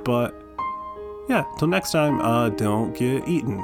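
Man, podcast host, rambling chat, full of fillers, stuffy nose, gravelly. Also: medium pitch, expressive, takes it slowly, over loud music. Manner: rambling, many fillers and restarts. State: stuffy from allergies.

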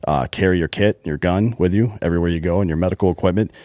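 A man's voice: low-pitched, fast, darkish tone, no echo. A man co-hosting a podcast in casual chat, blunt and profane, talking with heavy emphasis. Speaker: podcast co-host.

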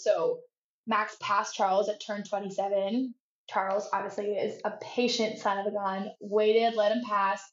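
A young woman co-hosting a casual sports podcast, excitable and playfully teasing. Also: mid-range voice. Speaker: podcast co-host. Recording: echoey room, dull lo-fi audio.

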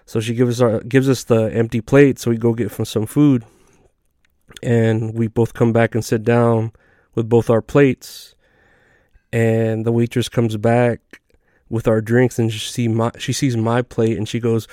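Mellow, laid-back man telling crude stories. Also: medium pitch, little pitch movement, a little slow, no echo, studio quality. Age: adult. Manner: laid-back, profane, rambling with fillers. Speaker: comedy podcast host. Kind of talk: casual comedic storytelling.

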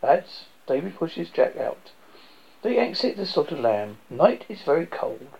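On a dull lo-fi recording, a man narrates as he reads a film script aloud, stumbling and correcting himself along the way. His voice is on the high side, gravelly and sing-song, and he doesn't hurry.

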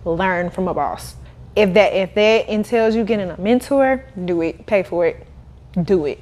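A young adult woman, a podcast guest who runs a cleaning business, telling her story in a casual, animated way with frequent laughter. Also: mid-range voice, normal speed. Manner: animated, laughing, acts out quoted voices.

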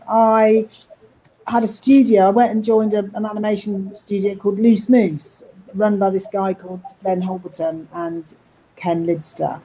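A woman's voice: medium pitch, mellow, a little hiss or hum, poor audio. A woman talking casually about her work in animation and voice acting, rambling with restarts. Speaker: animator and voice actor. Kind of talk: casual interview talk.

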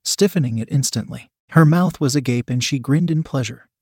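A man giving a scripted story narration in an even, steady reading voice. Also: medium pitch, fairly quick, breathy edge, dry recording, studio quality.

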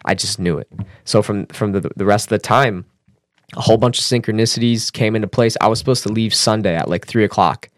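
A man telling a personal story as a podcast guest, casual and animated, swearing and using fillers. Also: fairly quick, no room sound, clean studio sound. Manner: animated, acts out quotes with raised pitch.

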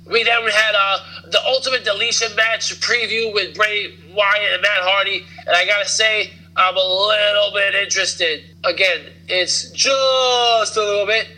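A man's voice: sits high, pushed and bright, low-quality recording. A man hosting a podcast, giving a casual, rambling recap with lots of fillers and jokes. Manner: rambling, filler-heavy, joking. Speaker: podcast host. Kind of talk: casual wrestling recap chat.

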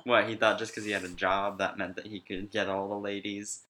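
A man's voice: on the low side, a little fast. A man co-hosting a podcast, chatting casually about a movie, joking and often laughing. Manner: joking and animated, often laughing and acting out quotes. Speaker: podcast co-host.

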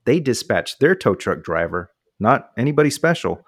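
A man's voice: medium pitch, moderate pace, breathy edge, no echo, studio quality. A man from the United States casually telling a long personal story, acting out quotes from the people involved. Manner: animated anecdote with voiced quotes.

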